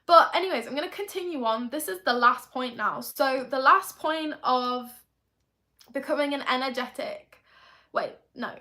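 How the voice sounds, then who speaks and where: A woman's voice: high voice, moderate pace, bright, forceful tone. A young woman talking through a confessional vlog as a manifestation coach, in a chatty, rambling way full of tag questions.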